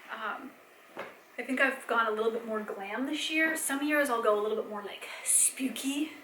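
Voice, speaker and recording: A young adult woman chatting casually in a home vlog, rambling with fillers and soft laughs, a bit tired. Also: a little high, fairly quick, echoey room, a little hiss or hum, rough recording. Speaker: vlogger and mom. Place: home, indoors.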